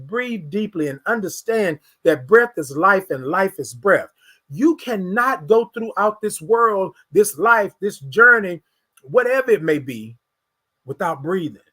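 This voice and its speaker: A man's voice: a little high, pushed and bright. A man hosting a motivational morning show, talking in a repetitive, preacher-like, encouraging way. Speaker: host.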